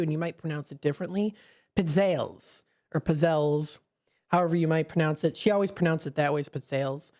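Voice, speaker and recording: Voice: medium pitch, darkish tone. A local radio host talks on a live call-in show. The delivery rambles and restarts, full of fillers, and is picked up close on a studio microphone.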